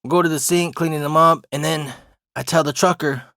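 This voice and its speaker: A man's voice: on the high side, fairly even intonation, fairly quick, creaky, pushed and bright, dry recording, clean studio sound. A young adult man casually telling a funny story, swearing a lot and often laughing. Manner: profane, laid-back, laughs often.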